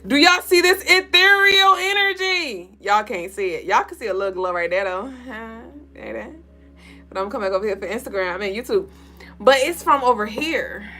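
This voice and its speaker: A woman's voice: medium pitch, a little fast, a bit bright, faint music behind. A young woman hosting a spiritual livestream, reading out viewer comments and greeting people by name in loose, playful chat, swearing freely and laughing often.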